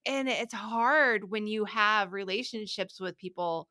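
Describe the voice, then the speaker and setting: A middle-aged woman co-hosting a parenting podcast in casual chat, loud and impassioned, drifting into quick tangents. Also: mid-range voice. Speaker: podcast co-host.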